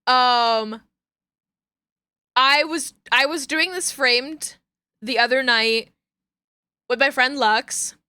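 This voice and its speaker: Giggly high-voiced woman streamer. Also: extremely slow, long pauses, clear, resonant tone, no echo. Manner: giggly, animated storytelling. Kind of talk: casual stream chat.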